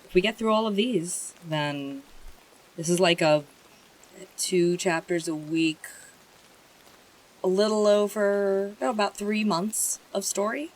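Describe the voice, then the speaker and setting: A streamer reading a bedtime story aloud and chatting with viewers, in a gentle, emotional way. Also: mid-range voice, slow pace, long pauses, rough recording.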